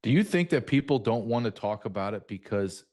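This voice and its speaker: A man interviewing a guest in casual talk, telling a lively anecdote. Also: mid-range voice, a little fast. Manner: lively anecdotal storyteller, acts out voices.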